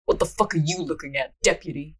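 A woman voicing a bald, booming male police chief with a mobster manner, barking threats. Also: fast talker, slightly rough. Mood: threatening.

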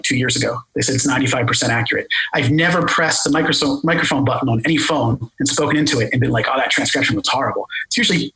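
A man with a Philadelphia accent explaining a technical product in an interview, talking fast and full of jargon. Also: mid-range voice, bright, forceful tone, breathy edge, poor audio. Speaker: tech company guest explaining voice AI.

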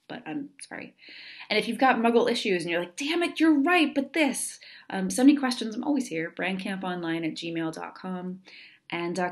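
A woman's voice: on the low side, creaky. Candid, swearing woman podcast host. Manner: candid, swears freely, chatty and earnest. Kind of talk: casual podcast monologue.

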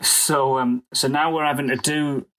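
A man's voice: mid-range voice, fairly even intonation, normal speed, fairly bright tone. A man from the north of England, a comedian guest chatting casually on a podcast in a self-deprecating, rambling way.

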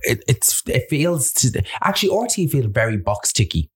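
A man's voice: medium pitch, sing-song, normal speed, husky. An Irish man co-hosting a podcast in casual chat, blunt and gossipy, swearing freely. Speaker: podcast co-host.

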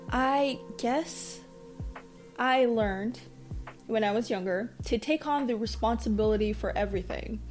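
High-voiced woman telling a personal story. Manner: candid and self-deprecating, with animated quoted asides. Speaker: podcast host.

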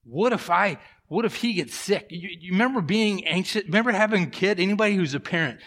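Male pastor, middle-aged, sermon delivery; animated, lively storyteller who drops to a hush. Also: high-pitched, fairly quick. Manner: animated storytelling, swings from loud to hushed. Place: church.

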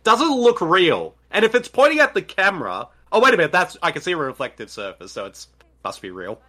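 A man co-hosting a movie-commentary podcast, joking and laughing as he watches. His voice swings widely in pitch and has a bright, forceful edge. He keeps the tone loose and playful. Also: brisk. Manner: animated, jokey, laughs often. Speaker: podcast co-host. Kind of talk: casual movie commentary chat.

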